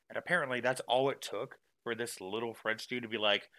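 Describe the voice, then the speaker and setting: Bright-voiced, joking podcast host. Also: male voice, medium pitch, fairly even intonation, fast, hardly any pauses, no echo, rough recording. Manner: rambling, self-deprecating, jokey. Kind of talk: casual storytelling chat.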